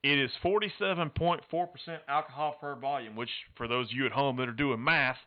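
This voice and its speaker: A podcast co-host with a medium-pitched, fairly quick voice playfully reviews a cigar and a whisky on a casual chat show, tossing in joking Spanish phrases. He's on headphones and a studio mic, but the audio comes out slightly dull and lo-fi.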